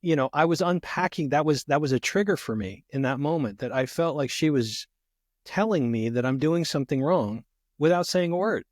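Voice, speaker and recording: A man's voice: a little high, lively intonation, normal speed, dry recording, studio quality. A man speaking as a guest therapist in a conversational podcast interview, reflective and full of "you know" fillers.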